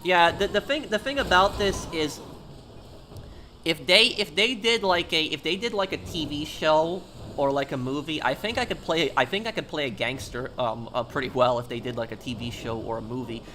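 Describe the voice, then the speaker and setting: A man's voice: fairly high pitch, normal speed, pushed and bright, slight background noise. A man chatting casually on a live game stream, talking straight to his viewers and answering them.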